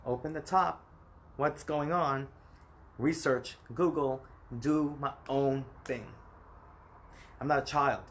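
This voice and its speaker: Pausing often and keeping a measured pace, this American man in his thirties speaks in a slightly high voice. He's recording a personal vlog on his phone, rambling emphatically and addressing the viewer directly.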